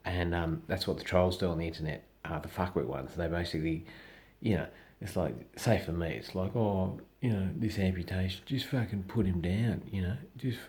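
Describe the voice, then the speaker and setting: A man with an Australian accent talking casually to camera in a blunt, profane way, acting out the voices of people he quotes. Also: a bass voice. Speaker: social media personality.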